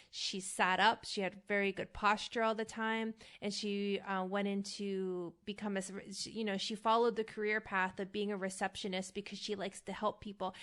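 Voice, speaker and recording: A woman acting coach talks through her lesson in an easygoing, conversational way. She keeps tagging her points with "right?" and leans into the words she wants to stress. Her voice sits at an ordinary middle pitch for a woman. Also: fairly bright tone, clean tone. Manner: conversational, frequent "right?" check-ins, emphatic. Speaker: acting coach and podcast host. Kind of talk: casual teaching monologue.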